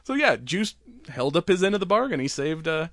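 A man's voice: a little high, very animated, a little fast, a bit bright, no room sound, clean studio sound. Rambling, laughing man recapping a movie. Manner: rambling, laughs often, swears freely. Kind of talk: casual movie recap chat.

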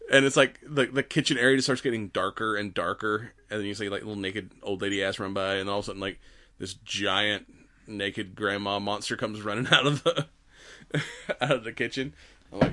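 A man's voice: lowish voice, steady tone, brisk, sharp tone. Rambling man retelling horror movie scenes. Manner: rambling, laughs often, acts out scenes. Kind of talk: casual movie review chat.

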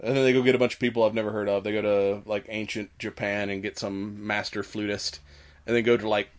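A man co-hosting a casual podcast, recapping a movie with frequent laughter and quick quoted voices. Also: fairly low pitch, level tone. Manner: laughs often, retells scenes doing quick quoted voices. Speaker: podcast co-host.

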